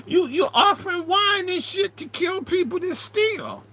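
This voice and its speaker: A man voicing a panicked young male addict who pleads in a high, frantic voice. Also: animated, unhurried, bright, forceful tone, slight background noise, exaggerated voice.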